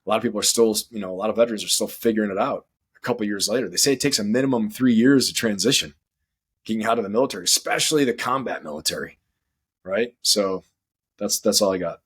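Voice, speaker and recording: A man's voice: lowish voice, quick pace, a bit bright, slightly rough. A man earnestly urging fellow veterans to get help, in a casual panel talk. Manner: earnest, advising.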